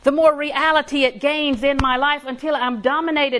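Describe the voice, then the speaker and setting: A woman's voice: sits high, fairly even intonation, normal speed, fairly bright tone, a little hiss or hum. A woman preaching a sermon in a conversational way, laughing often and building emphasis.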